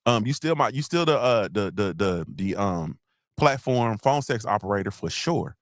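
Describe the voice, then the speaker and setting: Animated, profane podcast host man. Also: lowish voice, moderate pace, dry recording, clean studio sound. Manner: animated, profane, rambling with restarts. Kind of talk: casual solo podcast talk.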